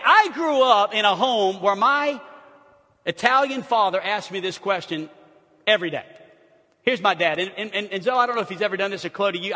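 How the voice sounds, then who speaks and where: Brief: male pastor, casual preaching, raised husky tone, long church reverb. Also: high-pitched, sharp tone. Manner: conversational preaching, lists points, acts out quotes. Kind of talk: sermon. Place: church sanctuary. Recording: long reverb of a large hall.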